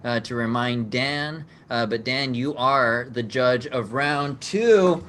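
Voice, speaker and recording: A man's voice: mid-range voice, slow, a bit bright, slight background noise. A man hosting an online improv game over a video call, explaining the rules in an upbeat way and laughing often. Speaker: game show host.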